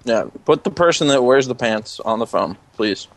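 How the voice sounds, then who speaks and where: A man making a prank phone call, mocking the other side in a deadpan way. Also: mid-range voice, moderate pace, creaky, slight background noise. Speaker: prank caller.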